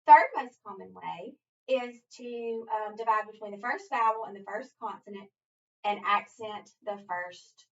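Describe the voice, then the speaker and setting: A woman's voice: medium pitch, a little slow. A woman reading teacher walking a student through a phonics lesson step by step, with an encouraging manner. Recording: distant dull lo-fi recording.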